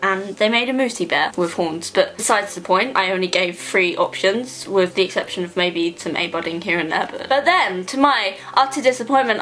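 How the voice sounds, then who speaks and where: A woman's voice: mid-range voice, pushed and bright. Playful rambling young woman vlogger. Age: young adult. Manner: playful, rambling, self-mocking jokes. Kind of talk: casual comedic vlog monologue.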